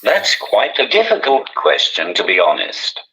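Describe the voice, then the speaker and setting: A man, a comedian, talking through a communication aid with a posh-sounding synthesized voice, giving measured, dry answers. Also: sits low, wildly swooping pitch, bright, forceful tone, a little hiss or hum, low-quality recording. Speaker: guest comedian.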